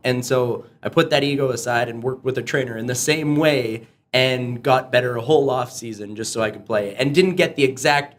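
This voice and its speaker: A man with a mid-range voice co-hosts a podcast in a reflective, casual chat. Faint noise sits under his voice. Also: mid-range voice. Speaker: podcast co-host.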